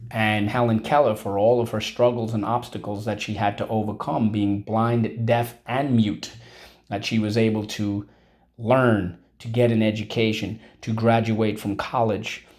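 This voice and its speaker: A man's voice: lowish voice, little pitch movement, unhurried, darkish tone. Man teaching a vocabulary lesson. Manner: drills words aloud, repeating each one.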